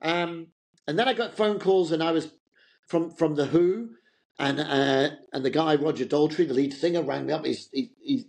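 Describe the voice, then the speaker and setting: Speaking at a moderate pace, this middle-aged man has a slightly high, creaky voice with a darkish tone. He's a fashion entrepreneur guesting on an interview, chatting through loose, meandering anecdotes.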